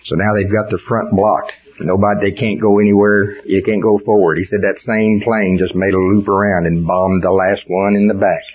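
A man's voice: lowish voice, level tone, moderate pace, hardly any pauses. An older man preaching a sermon in a folksy storytelling way that rises into fervent preaching. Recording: dull lo-fi sound.

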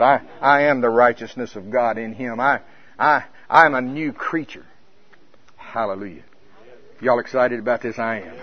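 An older man preaching a sermon in an animated way, breaking into high, laughing exclamations. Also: moderate pace. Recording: dull lo-fi sound.

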